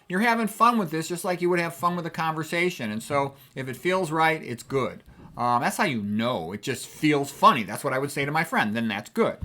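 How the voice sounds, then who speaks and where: A man's voice: fairly high pitch, bright, forceful tone. A middle-aged man teaching writing in a casual, conversational lecture, often checking in with "okay". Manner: conversational, chatty, punctuates with "okay".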